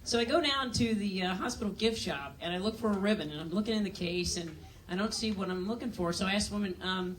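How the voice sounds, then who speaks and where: A woman's voice: a little high, lively intonation, fairly quick, fairly bright tone, distant mic, slight background noise. A woman doing a stand-up comedy set on a club stage, telling dry, self-mocking stories and acting out other people's voices.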